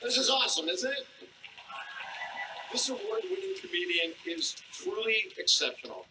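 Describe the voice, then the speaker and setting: A man hosting a live comedy show, introducing the next comedian with showy, drawn-out announcing. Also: sits high, lively intonation, background noise. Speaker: show host.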